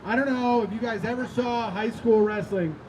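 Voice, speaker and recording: Guy from indiana doing standup on a rooftop, high-ish voice, rambly self-roasting stories and crowd banter, noisy outside. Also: moderate pace, a little mellow. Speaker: stand-up comedian. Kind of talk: stand-up set. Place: outdoor rooftop. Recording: outdoor noise behind the voice.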